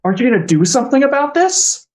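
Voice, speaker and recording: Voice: sits high, big pitch swings, fast, voice pushed up, rough recording. A game master voicing a furious, overwhelmed woman survivor. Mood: pleading. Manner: outraged, pleading. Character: distraught adult woman survivor, angry and overwhelmed. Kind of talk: tabletop role-play.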